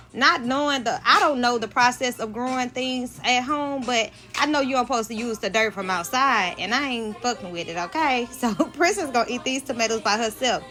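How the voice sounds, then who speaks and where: A woman's voice: a little high, fairly bright tone. Chatty mom talking while she cooks. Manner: chatty, loose, and frank, with plenty of asides to her viewers. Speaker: cooking vlogger. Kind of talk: casual kitchen chat to camera. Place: home kitchen.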